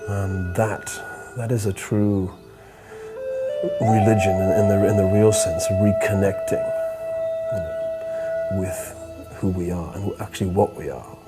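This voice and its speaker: A man speaking as an interview guest, telling a reflective story in a halting way, often repeating words and laughing softly. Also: fairly low pitch, huge pitch swings, loud music behind the voice.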